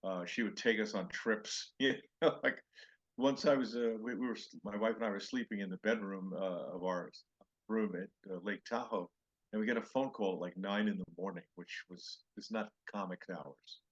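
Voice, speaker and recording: A man's voice: lowish voice, normal speed, a bit bright, breathy edge, muffled recording. An older male comedian telling road stories in a podcast interview, acting out other people's lines in raised voices. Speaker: comedian guest.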